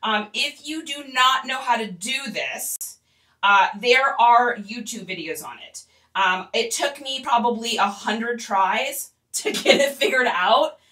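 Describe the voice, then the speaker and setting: A woman's voice: fairly high pitch, animated, takes it slowly, sharp tone, recorded from a distance. A woman leading a casual livestream tutorial, chatty and giggly, and talking straight to her viewers. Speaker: online reseller teaching on a livestream.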